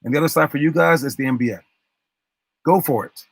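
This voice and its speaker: A man's voice: fairly high pitch, quick pace, gravelly, breathy edge, no room sound. A man working as a basketball coach, giving a motivational talk to his players and retelling a story with acted-out quotes and frequent restarts.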